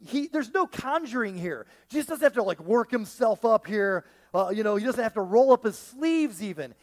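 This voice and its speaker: A male pastor preaching a sermon to his congregation, animated and joking, swinging between hushed and loud. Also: high-pitched. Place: church with a live congregation.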